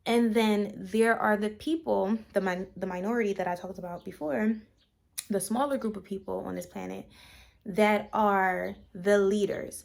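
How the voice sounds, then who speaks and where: A woman speaks to her channel in an unscripted, reflective ramble, circling her thoughts with fillers and restarts. Her voice has a low, gravelly creak at the ends of phrases, recorded plainly on a camera mic. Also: a little mellow. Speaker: vlogger. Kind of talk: casual spiritual vlog talk.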